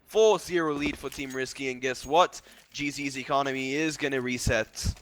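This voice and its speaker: Guy doing hype play-by-play for a shooter match, gets excited on the big plays, gunfire and noise under him. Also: medium pitch, normal speed. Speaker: esports caster. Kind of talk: play-by-play esports commentary. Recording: noisy stream with game gunfire behind. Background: game sounds, gunfire.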